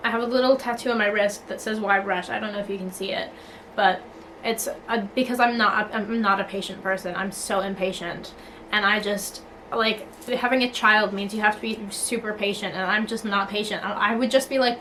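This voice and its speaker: A woman's voice: mid-range voice, steady tone, fairly quick, sharp tone, slight background noise, poor audio. A young woman venting casually to her camera, blunt and sweary, full of filler likes and restarts. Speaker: vlogger. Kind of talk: casual talking-to-camera rant.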